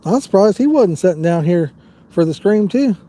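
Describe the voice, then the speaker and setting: A man's voice: high-pitched, expressive, normal speed, mellow. A man hosting a live fishing stream outdoors, rambling easily and reading viewer comments aloud. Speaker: fishing livestream host. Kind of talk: casual live-stream chat.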